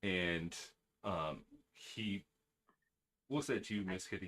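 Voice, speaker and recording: A man running a tabletop game with a fairly low voice. He narrates in a loose, rambling way, full of "um" and "like". He talks to his players at a conversational pace. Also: slow, a bit bright. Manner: rambling, full of fillers and restarts. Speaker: game master.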